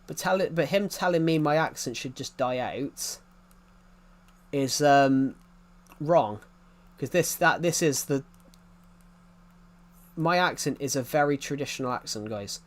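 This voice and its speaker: A young man with a working-class English accent from old mining country, talking on a gaming livestream. His voice sits a little high for a man. He rambles, loops back over the same point and stops to answer his chat. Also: measured pace, long pauses. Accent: English working-class, former mining area. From England. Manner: rambling, repeats and restarts sentences, answers chat.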